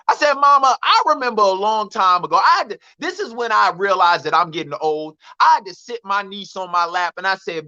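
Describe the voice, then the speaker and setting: A man, a comedian telling an animated, emphatic story on a radio show. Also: sits high, moderate pace, no echo, dull audio. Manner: animated, emphatic, with a Southern Black vernacular flavour. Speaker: comedian guest.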